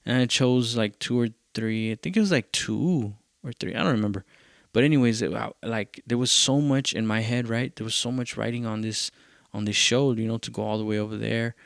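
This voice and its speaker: A man's voice: mid-range voice, a little fast, vocal fry, no echo, studio quality. A male podcast host, telling a loose, profane story in a casual rambling way and dropping in Spanish phrases.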